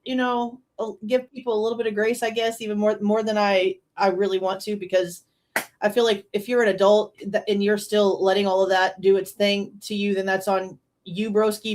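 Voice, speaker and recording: Animated woman reacting, slangy and high-voiced. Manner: animated and incredulous, slangy, laughs often. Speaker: true crime reaction host. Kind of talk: casual commentary.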